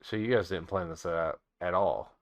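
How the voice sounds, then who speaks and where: A man voicing an irritated, scornful captive young woman in a low, flat mutter. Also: normal speed.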